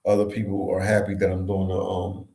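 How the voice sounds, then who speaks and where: A man's voice: deep voice, completely flat delivery, a little fast, dark tone. A man from Philadelphia, a travel vlogger, chatting on a livestream and reacting to viewer comments in a casual way. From Philadelphia, Pennsylvania. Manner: casual, conversational, reads comments aloud and reacts. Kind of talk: live stream chat reading viewer comments. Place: office room with echo. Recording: echoey office room.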